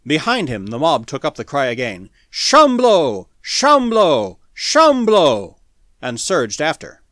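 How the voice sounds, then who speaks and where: A man narrating a pulp science fiction story as an audiobook in a dramatic, animated reading. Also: medium pitch, normal speed, no echo, studio quality.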